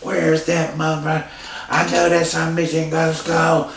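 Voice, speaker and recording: A man's voice: fairly high pitch, completely flat delivery, a little slow, creaky, fairly bright tone, roomy sound, far from the mic, slight background noise, voice pushed up. A man voicing a belligerent drunk father who slurs and blusters. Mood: drunk rant. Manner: slurred, blustering.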